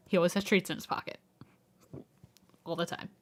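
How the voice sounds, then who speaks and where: A young woman streamer in casual livestream chat at home, laughing often and talking in a soft, coaxing way. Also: on the low side, level tone, normal speed, slight background noise. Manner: giggly, laughs often between sentences; soft, coaxing voice when calling her dog. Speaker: live streamer.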